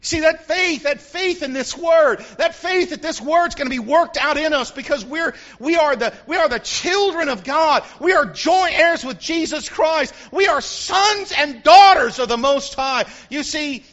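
A male pastor preaches in a very high, bright, forceful voice. He swells into shouts and keeps asking the congregation if they are with him. The recording sounds dull and lo-fi. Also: animated, unhurried. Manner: preaching with rising shouts and call-and-response. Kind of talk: sermon.

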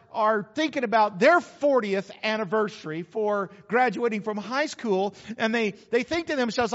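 A middle-aged preacher with a notably high voice delivers a chatty sermon, turning to his listeners and circling back to the same lines. His voice rings out in a large hall with a long tail of reverb. The recording is dull and muffled. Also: fairly bright tone. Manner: conversational, addresses the congregation directly, repeats phrases.

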